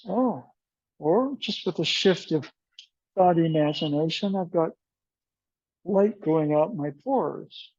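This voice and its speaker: Mellow-voiced man teaching a martial arts class. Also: on the high side, lively intonation, takes it slowly, long pauses, no echo, highs cut off. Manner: meandering storyteller who acts out dialogue. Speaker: aikido instructor. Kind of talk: informal class talk with anecdotes.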